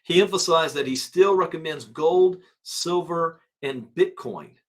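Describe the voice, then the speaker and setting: A man hosting a crypto channel, casually reading out prices and headlines and musing aloud with quick asides. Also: fairly high pitch.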